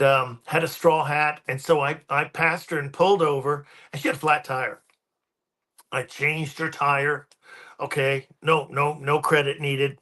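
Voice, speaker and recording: Bright-voiced, rambling man. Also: on the high side. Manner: rambling, many ums and restarts. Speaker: guest paranormal researcher. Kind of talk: casual podcast storytelling.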